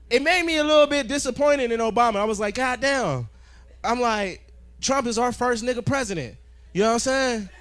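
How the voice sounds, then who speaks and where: A stand-up comedian man with a very high voice, loud and animated. He swears freely into a handheld mic on a club stage. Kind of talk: stand-up set.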